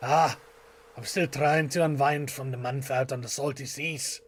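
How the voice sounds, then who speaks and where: A man voicing a gruff old fisherman in a game, talking in salty sailor style over faint game music. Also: medium pitch, fairly even intonation, moderate pace, close to an everyday voice. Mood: hearty.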